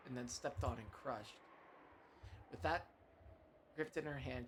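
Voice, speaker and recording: A man's voice: medium pitch, slight background noise. A man streaming himself reading a visual novel aloud, narrating with small slips and self-corrections. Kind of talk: dramatic reading of game text.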